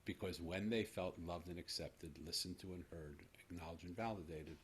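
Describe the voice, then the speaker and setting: A man's voice: deep voice, fairly even intonation, normal speed, hardly any pauses, slight background noise. A man in his sixties, a podcast host telling a personal story to his guest in an earnest, reflective way. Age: 60s.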